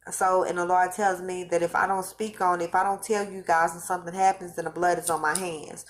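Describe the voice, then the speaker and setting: A woman's voice: fairly low pitch, flat delivery, fairly quick. A woman who is losing her voice, talking in a rambling, earnest way in a casual spiritual vlog, with features. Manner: rambling, earnest, restarts often. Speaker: vlogger recounting visions.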